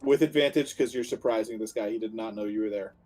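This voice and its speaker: A man running a tabletop game as dungeon master, narrating in a relaxed, descriptive way with fillers and restarts. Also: fairly low pitch, quick pace, low-quality recording.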